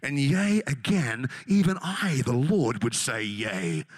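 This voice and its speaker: A preacher voicing a pompous mock-archaic Jesus in a deep, booming, theatrical tone. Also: male voice, expressive, slow, dry recording. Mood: grandiose.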